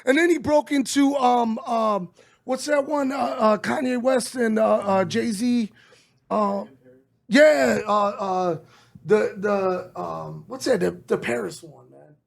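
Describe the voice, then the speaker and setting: A middle-aged man, telling a story as an interview guest, animated and swearing as he acts out quotes. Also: extremely high pitch, slow pace, vocal fry. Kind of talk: casual storytelling.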